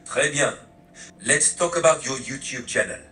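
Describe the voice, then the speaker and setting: Snooty french critic, male ai voice faking it, mocking and cutting, bright tone, echoey with faint music. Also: mid-range voice, normal speed, distant mic, natural voice. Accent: French (put on).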